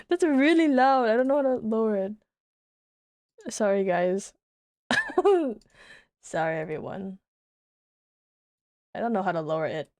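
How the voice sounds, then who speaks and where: Slow, giggly young woman streamer. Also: fairly high pitch, very animated, darkish tone, no room sound, clean studio sound. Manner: giggly, tender, swears casually. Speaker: VTuber streamer. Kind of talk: casual stream chat.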